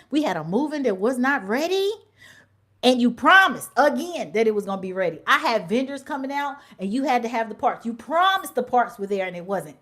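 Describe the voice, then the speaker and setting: Animated, blunt woman vlogger. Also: high voice. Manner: animated, blunt storytelling with slang and swearing; drops to whispers at times. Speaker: livestream host. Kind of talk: casual livestream chat.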